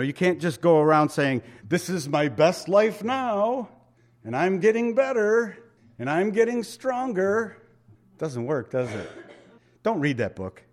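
Conversational man preaching, fairly high voice. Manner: conversational, emphatic preaching with rhetorical questions. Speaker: pastor. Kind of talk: sermon.

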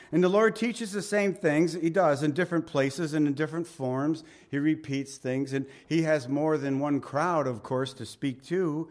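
A middle-aged man, a pastor, preaching a conversational sermon that swings between loud emphatic lines and hushed, quiet asides. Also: fairly high pitch.

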